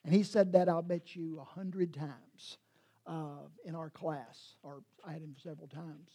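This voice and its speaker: A man's voice: a little high, steady tone, a little slow, mellow. A man, a pastor preaching a sermon in a rambling, self-correcting way and teasing his congregation.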